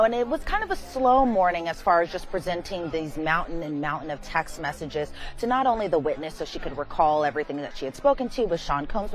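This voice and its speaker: Reporter, woman, slightly low voice, relaxed and chatty with fillers. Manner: casual, hesitant with fillers. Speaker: court reporter. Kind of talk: commentary on a trial.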